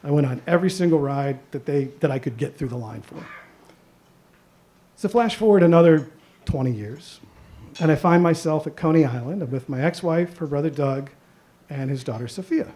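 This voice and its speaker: A man's voice: a little high, normal speed, dark tone. A middle-aged man from the Chicago area telling a personal story on stage at a story slam, conversational and swearing casually. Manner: conversational, swears casually, quotes himself and his dad. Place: stage at a live event.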